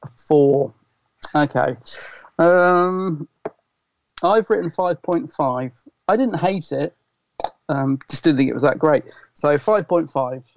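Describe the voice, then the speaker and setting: Gravelly man podcast co-host, easygoing, dull lo-fi sound. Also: on the high side, takes it slowly, pauses often, slight background noise. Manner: easygoing, laughing often. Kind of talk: casual chat.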